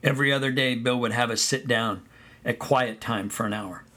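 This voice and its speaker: A man narrating a first-person story of his boyhood at summer camp in a relaxed storytelling way. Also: mid-range voice, moderate pace. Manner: relaxed storytelling, sings song snippets.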